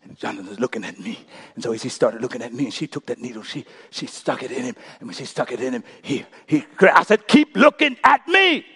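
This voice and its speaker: A middle-aged male pastor preaching a sermon, swinging from quiet storytelling to shouted call-and-response. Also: medium pitch, fast, hardly any pauses, husky, in a large hall.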